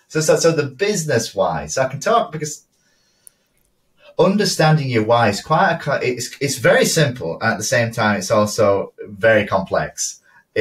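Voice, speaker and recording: A man co-hosting a casual business podcast, chatty and quick to laugh, often restarting his words. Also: fairly low pitch, recorded from a distance. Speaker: podcast co-host, photographer.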